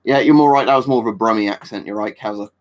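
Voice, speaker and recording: An English man hosts a live stream, talking fast in a lowish voice as he chats casually and answers viewer comments. His manner is rambling and offhand, full of fillers and restarts.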